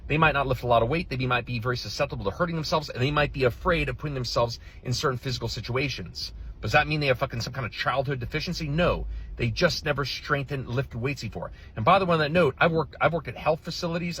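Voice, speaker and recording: Profane, fast-ranting husky male coach. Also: medium pitch, a bit bright. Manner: blunt, profane, heated ranting. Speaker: relationship coach. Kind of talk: reaction commentary.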